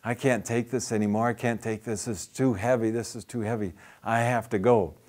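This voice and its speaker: A man retelling a street conversation, voicing a defensive atheist woman in her thirties who grows flustered and halting. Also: lowish voice, steady tone, darkish tone, lightly acted.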